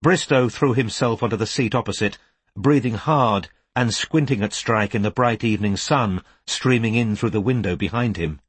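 Calm male audiobook narrator. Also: lowish voice, husky, dry recording. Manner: calm, measured storytelling, slows at quiet moments. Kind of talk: scripted narration.

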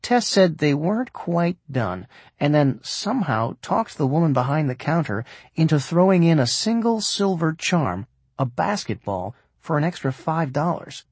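A man narrating an audiobook in an expressive way, voicing the characters as he reads. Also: a little high, normal speed, slightly rough, no echo.

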